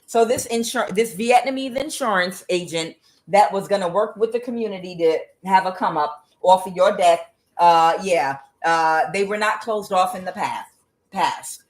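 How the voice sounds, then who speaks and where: A woman giving a tarot reading as an angry, profane rant, mocking the people she blames and filling pauses with "uh". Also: mid-range voice. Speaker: tarot reader. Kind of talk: ranting tarot reading monologue.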